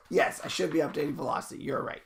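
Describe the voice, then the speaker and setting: Keyboard clicks and typing accompany a streamer whose slightly high voice is gravelly and a little rough. He's casually coding a game live to teach it, chatting easily with viewers, thinking aloud, and often catching and correcting himself mid-sentence.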